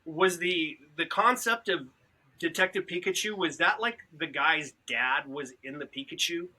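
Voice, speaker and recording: A man in a casual podcast chat, an animated storyteller who acts out what others said. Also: a little high, a little slow. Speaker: podcast participant.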